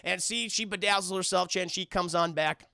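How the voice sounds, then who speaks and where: A man recapping a cartoon on a live stream, animated and always turning to his chat. His voice sits high and bright with a gravelly fry. It is recorded dry and close. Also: a little fast, no room sound. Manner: animated, keeps addressing chat.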